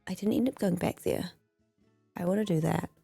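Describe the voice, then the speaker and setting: Young woman streamer, low-key, throaty and a little gravelly, chatty and giggly. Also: normal speed, dark tone, no room sound, faint music behind. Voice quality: throaty, slightly hoarse. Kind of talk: casual chat with viewers. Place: home streaming room. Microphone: close streaming mic.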